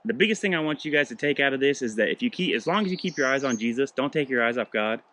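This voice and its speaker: A man, a father, giving a relaxed, conversational devotional talk with frequent restarts and fillers. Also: mid-range voice, fast. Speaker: devotional host.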